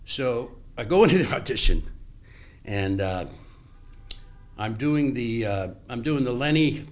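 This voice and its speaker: An older actor, a guest on a podcast interview, telling stories from his past with animated delivery, acting out remembered dialogue and often restarting his sentences. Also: medium pitch, measured pace.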